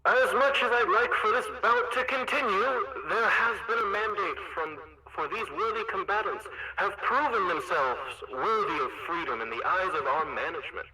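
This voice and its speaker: A man's voice: sits high, normal speed, few pauses, bright, forceful tone, pitched above the performer's own voice, poor audio. A man voicing a tiny, pompous male arena announcer who makes grand formal announcements.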